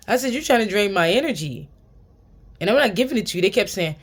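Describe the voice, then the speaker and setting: A woman speaking gives blunt, profane spiritual advice in a loose, casual monologue. Her voice sits in a middle pitch, and she keeps breaking into laughter and repeating her lines for emphasis. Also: animated, fast talker. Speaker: spiritual tarot reader.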